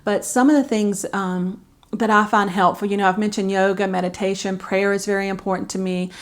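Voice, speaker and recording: A woman's voice: medium pitch, fairly even intonation, a little fast. A middle-aged woman, talking candidly to camera as a caregiver vlogger, chatty and heartfelt with many fillers. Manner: chatty and heartfelt, with frequent fillers and soft laughs. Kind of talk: candid personal vlog talk.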